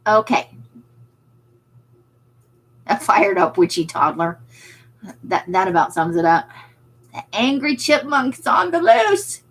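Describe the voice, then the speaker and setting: A woman's voice: medium pitch, very animated, slow, long pauses, fairly bright tone, rough recording. A woman who runs a craft shop, hosting a casual livestream and chatting with viewers. She is self-deprecating and laughs often.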